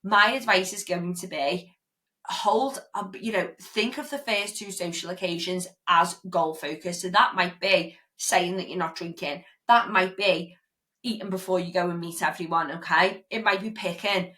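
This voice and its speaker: A woman's voice: lowish voice, normal speed, sharp tone. A young British woman hosting a fitness podcast, talking casually and bluntly with the odd swear, often checking in with "okay?". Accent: British English. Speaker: podcast host, fitness coach.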